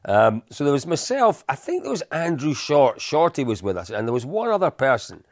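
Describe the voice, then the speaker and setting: A middle-aged man, a podcast co-host, telling animated anecdotes in casual chat with frequent laughs. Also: medium pitch, a little fast, dry recording, studio quality.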